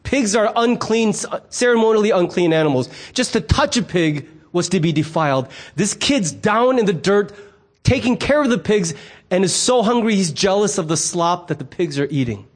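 Pastor, man, middle-aged, fairly high voice; conversational sermon delivery, playful, does the voices of people in his anecdotes. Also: normal speed. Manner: animated storyteller who acts out quoted voices; conversational and humorous.

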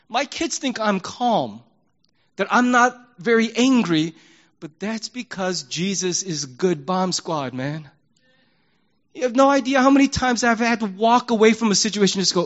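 A man preaching a sermon as a pastor, animated and emphatic, moving between loud and hushed delivery in a candid, conversational way. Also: sits high, lo-fi sound. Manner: conversational and candid, acts out prayers in his own voice.

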